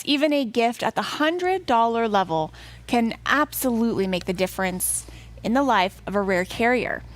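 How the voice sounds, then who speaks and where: A woman co-hosting a charity event, making an earnest, grateful fundraising appeal. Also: a little high. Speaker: event co-host.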